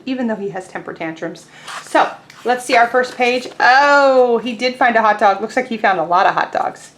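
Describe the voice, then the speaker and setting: A woman teaching young children in an online class, leading calendar time and storytime in a gentle, encouraging way. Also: fairly high pitch, moderate pace. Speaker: preschool teacher.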